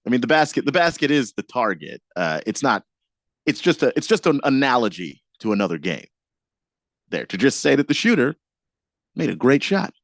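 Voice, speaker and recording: A man co-hosting a casual radio show, amused and quick to laugh, patiently explaining things. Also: mid-range voice, sing-song, vocal fry, no echo, clean studio sound. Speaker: radio co-host.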